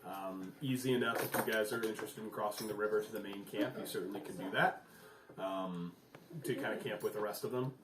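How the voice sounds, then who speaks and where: A man's voice: fairly low pitch, a little fast, background noise. A man narrating a tabletop game as game master, in loose narration full of fillers. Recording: echoey room, mic far off.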